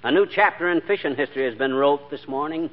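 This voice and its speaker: An actor playing a brash, bragging husband who tells tall tales in a 1940s radio sitcom. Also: male voice, fairly high pitch, quick pace, close to an everyday voice. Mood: boastful. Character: boastful, blustering husband spinning tall tales. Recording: dull lo-fi 1940s radio broadcast with faint hiss.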